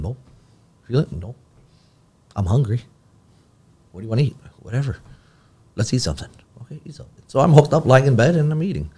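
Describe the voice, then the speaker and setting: A man's voice: medium pitch, warm tone. A man, a podcast guest telling a long personal story in casual talk and acting out the dialogue.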